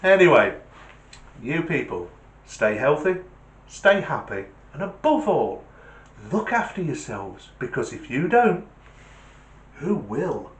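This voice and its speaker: A man's voice: on the high side, big pitch swings, slow, pauses often, roomy sound. A man hosting his own vlog, chatting enthusiastically and telling a joke. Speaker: channel host.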